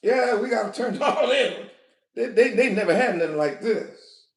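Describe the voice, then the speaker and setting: A woman preaching a fiery sermon, animated, often shouting and breaking into laughter. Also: a little high, normal speed. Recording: echoey room.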